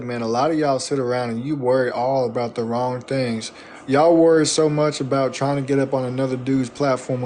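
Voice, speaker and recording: A man's voice: medium pitch, darkish tone. A man with a mid-range voice speaks as a guest on a livestream. He sounds slangy and preachy and throws in rhymes, with faint hiss behind him. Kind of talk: casual livestream talk.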